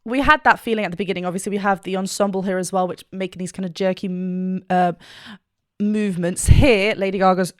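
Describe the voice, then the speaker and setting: A woman's voice: mid-range voice, steady tone, fairly quick, dry recording, clean studio sound. A woman vocal coach reacting to a performance and analyzing it, enthusiastic and technical, now and then singing short vocal demonstrations.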